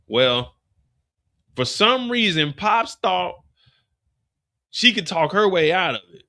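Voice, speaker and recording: A man's voice: a little high, measured pace, vocal fry, pauses often. A man hosting a live after show, recapping an episode casually and acting out the characters' lines as he goes. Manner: animated storyteller, acts out characters' lines.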